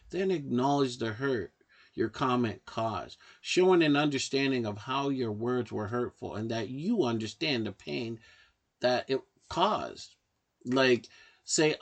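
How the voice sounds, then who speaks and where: Man reading out a how-to guide, calm and measured, mid-pitched, speaks right to you. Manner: calm, measured, advising directly. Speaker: narrator of a self-help guide. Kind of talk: instructional narration.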